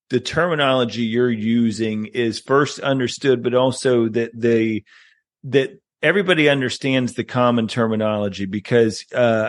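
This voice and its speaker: A man hosting a podcast, reflecting on a point in casual conversation and speeding up as he builds his thought. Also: medium pitch. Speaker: podcast host.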